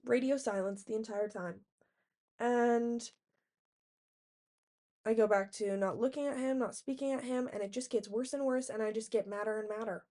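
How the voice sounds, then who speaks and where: A woman's voice: on the high side, moderate pace, pauses often. A young adult woman recounting a personal story in a casual diary vlog, talking animatedly, saying "like" a lot and acting out quotes. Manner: animated retelling, heavy use of "like", acting out quotes. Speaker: diary vlogger.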